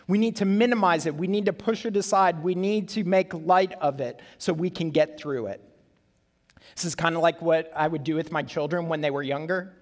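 A male pastor preaching an earnest sermon, repeating key phrases for emphasis, to a congregation in a church. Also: sits high. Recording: long church reverb.

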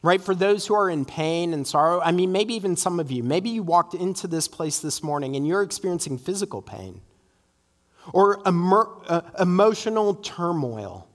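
A man's voice: high-pitched, animated, normal speed, in a large hall. A man preaching an earnest, emphatic sermon in a church, often tossing in "right?" asides. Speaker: pastor. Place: church sanctuary.

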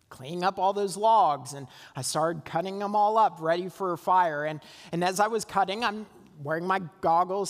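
Man preaching in a reverberant sanctuary. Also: high-pitched. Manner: conversational storytelling with laughs and restarts. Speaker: pastor. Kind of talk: sermon. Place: church sanctuary. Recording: long hall reverb.

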